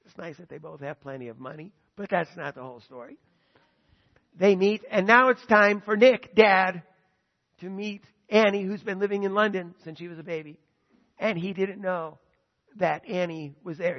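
Guy preaching, pretty high voice, lots of long hall echo, kinda dull muffled sound, tells stories then hammers his point. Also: moderate pace. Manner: animated storytelling, then emphatic preaching. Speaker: pastor. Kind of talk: sermon.

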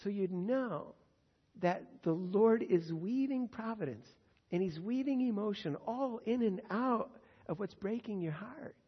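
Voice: mid-range voice, expressive, measured pace, slightly rough, big-room sound, lo-fi sound. A pastor teaching verse by verse through a Bible passage in a conversational, earnest way, with frequent fillers.

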